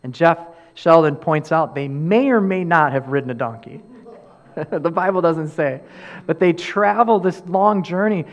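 A man's voice: fairly high pitch, measured pace, highs cut off. A man preaching a sermon as pastor, earnest, repeating key phrases and rising and falling for emphasis.

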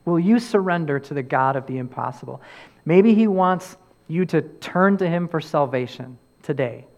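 A man's voice: on the high side, animated, moderate pace, lo-fi sound. A man preaching a sermon as pastor, earnest, repeating key phrases and rising and falling for emphasis.

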